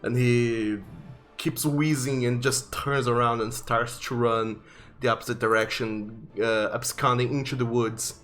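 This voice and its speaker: A man running a tabletop game describes the action vividly, pausing often on fillers and restarts. His voice sits at a middling pitch over faint background music. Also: steady tone, fairly bright tone. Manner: vivid, halting narration with fillers. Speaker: game master.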